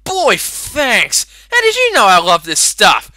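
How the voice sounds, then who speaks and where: A man's voice: very high-pitched, wildly swooping pitch, slow, sharp tone, no room sound, voice pushed up, full character voice. A man voicing a young woman who is pleasant but businesslike.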